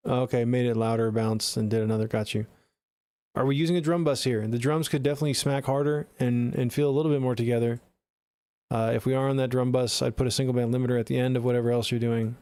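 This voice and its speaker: A man's voice: medium pitch, fairly even intonation, fast talker, mellow, clean tone, dry recording. A man streaming live, giving blunt, profane, chatty feedback on listeners' songs into a close studio mic. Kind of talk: casual live-stream critique.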